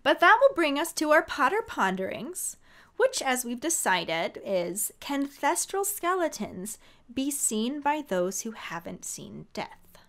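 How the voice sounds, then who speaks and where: A woman's voice: high-pitched, very animated, a little slow, a bit bright. A woman co-hosting a podcast in casual chat, gushing and enthusiastic about the books she loves. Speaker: podcast co-host.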